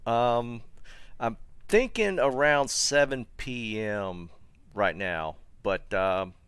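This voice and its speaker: A man runs a casual live game stream and chats with viewers between plays. His voice is smooth and clear, recorded close and dry. He talks loosely, with plenty of fillers and restarts. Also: mid-range voice, no echo. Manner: relaxed, chatty, halting with many fillers and restarts. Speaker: streamer host.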